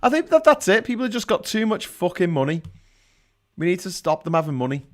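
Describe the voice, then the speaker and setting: A man's voice: high voice, very animated, fairly quick. A man from Liverpool with a Scouse accent, hosting a casual live call-in chat and swearing freely. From Liverpool, England. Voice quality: sweary, laughs often. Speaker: host.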